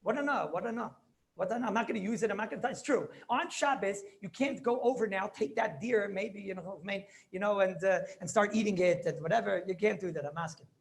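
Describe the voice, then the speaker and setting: Gravelly rabbi teaching with Yeshivish lilt. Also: male voice, sits high, fast talker. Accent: Yeshivish English. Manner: storytelling, repeats phrases, asks students questions. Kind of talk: animated Torah class with Yiddish and Hebrew terms.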